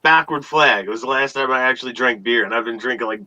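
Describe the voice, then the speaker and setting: A man's voice: mid-range voice, fast, sharp tone. A man co-hosting a casual video-call chat, joking around and swearing freely. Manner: joking, profane, rowdy. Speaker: co-host.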